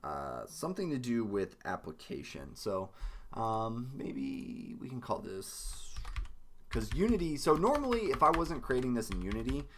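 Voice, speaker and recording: A man with a raspy, hoarse voice and lower energy than usual, thinking aloud as he codes through a live stream tutorial, with many ums and restarts. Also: huge pitch swings, measured pace, fairly bright tone, slight background noise. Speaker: game dev streamer.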